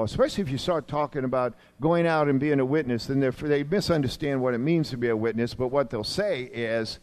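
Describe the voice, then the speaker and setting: A man in his sixties, a longtime pastor, preaching a sermon with emphatic swings between urgent raised lines and quiet low asides. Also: brisk, hardly any pauses.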